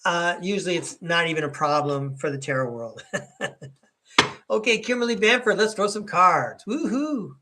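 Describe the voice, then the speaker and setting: A man's voice: a little high, animated, normal speed, noisy background. A middle-aged man giving a chatty, upbeat live tarot reading and speaking to viewers by name. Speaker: tarot reader hosting a live stream.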